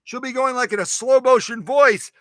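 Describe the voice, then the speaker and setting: This man hosts a sewing machine live stream, speaking in a very high voice at a moderate pace with no room sound. He chats casually with his viewers, animated, exclaiming and joking with them.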